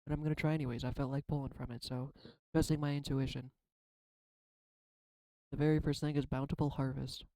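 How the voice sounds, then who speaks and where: A man's voice: medium pitch, little pitch movement, a little fast, long pauses, dark tone, no room sound, low-quality recording. A man in a casual spiritual vlog, pulling and reading oracle cards, talking in a reflective and rambling way, emotional and swearing now and then. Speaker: tarot card reader.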